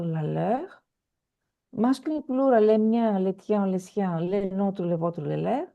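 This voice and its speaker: A woman's voice: fairly high pitch, warm tone. A woman teaching a French lesson over a video call, patient and repetitive, with many fillers. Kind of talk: online language lesson.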